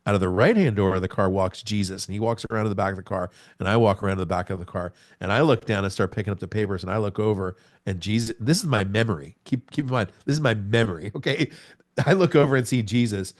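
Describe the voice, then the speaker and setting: A man in his forties, a podcast guest, telling a personal testimony in a lively storytelling way with sound words. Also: fairly low pitch, fast. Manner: animated storyteller, acts out scenes with sound words.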